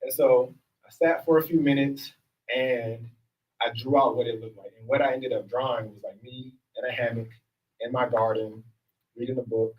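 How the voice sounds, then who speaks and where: A man's voice: medium pitch, fairly even intonation, moderate pace, distant mic, muffled recording. A man leading a group workshop as a facilitator, talking casually and upbeat and often checking in with the room. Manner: upbeat, casual, keeps checking in with "all right?". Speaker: workshop facilitator and self-help coach.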